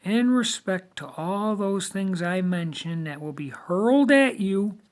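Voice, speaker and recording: A man delivering a lecturing monologue, emphatic and deliberate, with many rhetorical questions. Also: high-pitched, expressive. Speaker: video monologue host.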